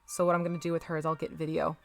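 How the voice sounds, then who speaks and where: Woman, live-stream painter, casual chatter, lower voice, faint background music. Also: little pitch movement, rapid-fire, creaky. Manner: chatty, laughs often, talks to chat while working.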